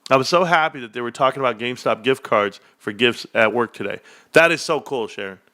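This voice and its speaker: A man's voice: medium pitch, brisk, bright, forceful tone. A man hosting a casual livestream, telling rambling joking stories with lots of "bro" and frequent laughter. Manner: rambling, joking storyteller who says "bro" a lot. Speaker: stock livestream host.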